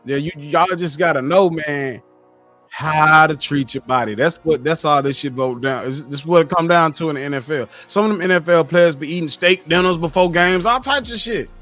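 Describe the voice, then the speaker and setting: A streamer with a high-pitched male voice answers his live chat on a laid-back stream, talking a little fast as he lectures bluntly and swears without restraint. Faint, soft music sits underneath.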